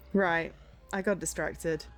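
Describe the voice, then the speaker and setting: A woman streams from home, talking in a loose, rambling, self-deprecating way as she wanders from topic to topic. Her voice sits a little low for a woman. Faint music plays under her talk. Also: bright, forceful tone. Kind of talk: casual chat while livestreaming a game.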